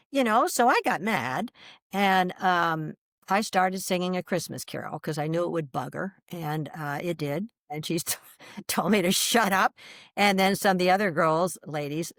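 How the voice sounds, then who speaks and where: A woman's voice: lowish voice, dry recording, clean studio sound. A middle-aged woman, a podcast guest, telling her own story animatedly with many fillers and restarts. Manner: expressive, many fillers and restarts, laughs mid-sentence.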